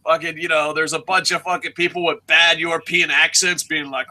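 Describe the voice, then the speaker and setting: A man co-hosting a casual wrestling preview podcast, ranting excitably and swearing often, laughing through his points. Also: on the high side, a little fast, hardly any pauses.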